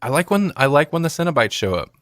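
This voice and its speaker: A man's voice: fairly high pitch, very animated, quick pace, a bit bright, no room sound, clean studio sound. A man co-hosting a movie review podcast, chatting casually and rambling, laughing often. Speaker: podcast co-host.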